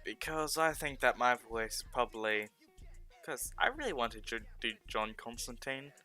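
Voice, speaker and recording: A man's voice: medium pitch, animated, unhurried, bright, forceful tone. A man with a South Australian accent chatting casually while gaming on a stream, rambling, sarcastic and often correcting himself. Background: faint background music.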